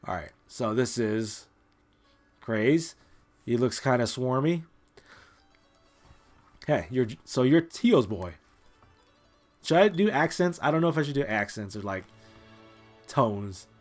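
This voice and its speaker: A man talks casually over a retro game playthrough, wandering through his explanations with lots of "like" and "you know." His voice sits at an average, middle pitch. He sounds relaxed and unscripted. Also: measured pace, pauses often, faint music behind. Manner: rambling, full of "like" and "you know". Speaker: let's play host. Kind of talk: casual gameplay commentary.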